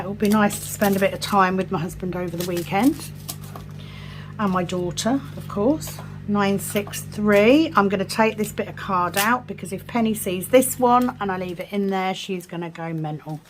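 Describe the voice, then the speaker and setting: A woman vlogging in casual chat while sorting craft supplies at home, self-deprecating, slowly murmuring numbers to herself. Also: lowish voice. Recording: noisy background hiss.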